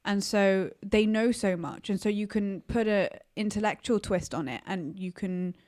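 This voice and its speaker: Woman on a film podcast, lively and chatty, lots of restarts. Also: mid-range voice, normal speed. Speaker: podcast co-host. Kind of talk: casual film chat.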